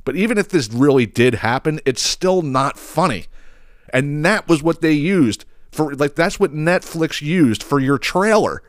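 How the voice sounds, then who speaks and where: A man's voice: a little high, lively intonation, measured pace, no room sound, clean studio sound. A man hosting a podcast, ranting in a blunt, profane, exasperated way. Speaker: podcast host. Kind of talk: casual ranting commentary.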